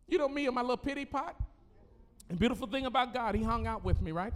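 A male pastor preaching a sermon in a church, animated, with call-and-response and laughing asides. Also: extremely high pitch, quick pace, big-room sound.

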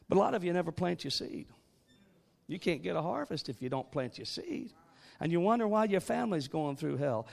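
A man's voice: on the high side, sing-song, brisk, vocal fry, darkish tone. A man preaching a sermon, moving from joking asides to rising call-and-response exhortation. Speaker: guest preacher.

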